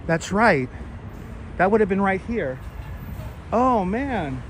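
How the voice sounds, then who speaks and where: A man's voice: high-pitched, big pitch swings, takes it slowly, slight background noise. A man hosting a casual walking livestream outdoors, chatting and thanking viewers for donations. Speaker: livestream host. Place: outdoors on city streets. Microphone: wireless clip-on mic, phone on gimbal.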